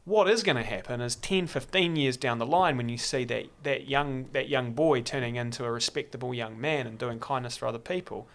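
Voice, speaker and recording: A New man chatting as a podcast guest, animated and storytelling, often acting out what others said. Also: medium pitch, fairly quick, few pauses. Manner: animated, acts out quotes, lots of restarts. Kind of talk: casual storytelling chat. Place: studio in a computer store.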